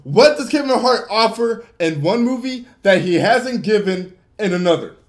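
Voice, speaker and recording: A young man hosting a livestream, ranting with lots of swearing and swinging between yelling and muttering. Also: high voice, animated, normal speed. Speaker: livestream host. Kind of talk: unscripted livestream rant.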